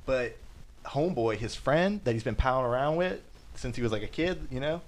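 A man's voice: mid-range voice, animated, a little fast, a little hiss or hum. A man co-hosting a podcast, retelling a movie plot in a loose, rambling way, swearing and acting out the lines. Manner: rambling, swears freely, acts out quotes. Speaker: podcast co-host. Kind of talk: casual movie recap.

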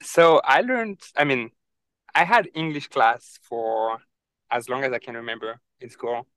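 A young man from France with a French accent, telling stories with animated energy as a podcast guest. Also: medium pitch, a little slow, clean tone, no room sound, poor audio. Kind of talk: casual interview chat.

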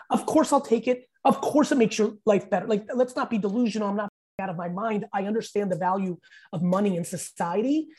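This is a man in his fifties speaking as a podcast guest, with a husky, slightly breathy voice and a mellow, dark tone. He tells stories emphatically, swears freely and acts out quotes in casual chat. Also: high voice, animated, a little fast. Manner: profane, emphatic storyteller who acts out quotes.

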